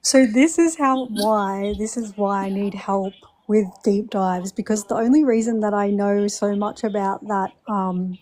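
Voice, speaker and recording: A woman calling in to a live stream, chatting in a rambling, relaxed way. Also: mid-range voice, a little slow. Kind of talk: casual chat on a live stream.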